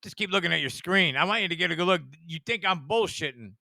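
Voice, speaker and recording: A man's voice: high-pitched, animated, fast, vocal fry, sharp tone, dry recording. A man giving rambling, profane commentary with a conspiratorial edge, full of asides and chuckles. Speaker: online commentator.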